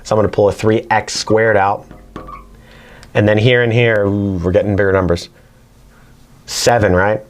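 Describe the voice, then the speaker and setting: A man's voice: lowish voice, little pitch movement, normal speed, long pauses. A man teaching a casual whiteboard math lesson, chatting as he works through problems. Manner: chatty, talks to his barking dog between problems.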